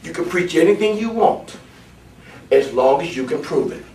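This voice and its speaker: A man teaching a class in an emphatic preaching style, building at times to near shouting. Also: fairly high pitch, animated, moderate pace, noisy background. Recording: echoey classroom from far off.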